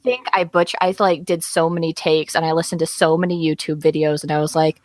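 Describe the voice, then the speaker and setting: A young woman in her twenties chats as a guest, bubbly and quick to poke fun at herself. Her voice sits a little low for a woman. The recording is dry and close. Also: no echo. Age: 20s. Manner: bubbly, self-deprecating, laughs easily. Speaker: voice actor guest. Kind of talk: casual interview chat.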